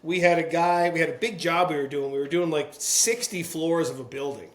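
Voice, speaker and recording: A man's voice: fairly high pitch, a little fast, reverberant. A man hosting a casual chat, laughing often while he tells stories. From Long Island, New York. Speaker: podcast host.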